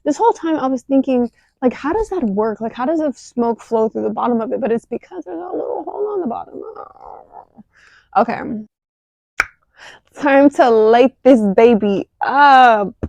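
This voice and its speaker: A young woman chatting casually while crafting, talking excitably with lots of filler words into a phone camera at home. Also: sits high, fairly quick, creaky, dry recording, lo-fi sound. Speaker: craft vlogger.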